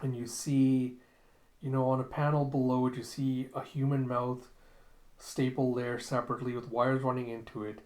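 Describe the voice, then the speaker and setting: A man's voice: mid-range voice, flat delivery, moderate pace, a little mellow. A man casually recapping a comic, in a loose, rambling way full of fillers. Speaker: manga recap host. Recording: roomy echo.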